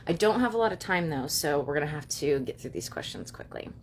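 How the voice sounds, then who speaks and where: A young woman with a low voice talks quickly into her phone on a home live stream, stringing thoughts together with plenty of fillers. A faint rumble sits behind her. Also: lively intonation, darkish tone. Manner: fast, chatty, many fillers like "you know" and "like". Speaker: livestream host and witch. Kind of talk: casual live-stream talk.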